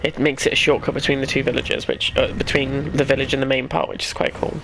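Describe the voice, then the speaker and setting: A man doing relaxed, chatty let's-play commentary on a game. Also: medium pitch, quick pace, vocal fry, noisy background. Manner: relaxed, chatty, self-deprecating. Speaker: gaming YouTuber.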